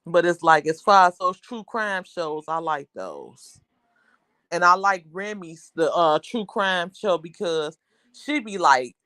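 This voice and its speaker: A woman's voice: on the low side, animated, a little slow, pushed and bright, no room sound, clean studio sound. A woman hosting a casual livestream, chatting with viewers in a rambling, talkative way. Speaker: livestream host.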